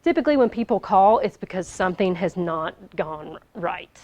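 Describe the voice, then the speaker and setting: A woman's voice: fairly low pitch, expressive, moderate pace, a little mellow. A woman giving a casual business workshop, upbeat, lighthearted and conversational. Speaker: workshop presenter. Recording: dull lo-fi recording.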